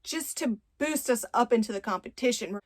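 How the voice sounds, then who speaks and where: A woman's voice: fairly high pitch, expressive, normal speed, no room sound. A woman reading the lines of an annoyed young heroine who speaks curtly.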